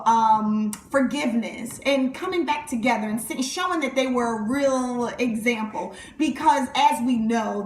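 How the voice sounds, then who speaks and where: A woman's voice: fairly high pitch, roomy sound, slight background noise. A woman hosting an entertainment vlog and interviewing a music group in an upbeat, chatty way. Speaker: host and interviewer.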